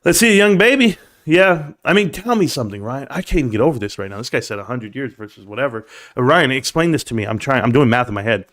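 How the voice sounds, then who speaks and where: A man's voice: mid-range voice, lively intonation, fast, hardly any pauses, a bit bright. A man hosting a livestream, ranting sarcastically and with swearing at viewers in his chat. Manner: addresses chat viewers by name. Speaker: livestream host.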